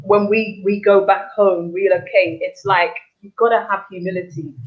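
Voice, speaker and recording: A woman's voice: mid-range voice, steady tone, normal speed, lo-fi sound. A woman from the UK, a guest in a casual chat, reflective and earnest, who repeats words as she thinks.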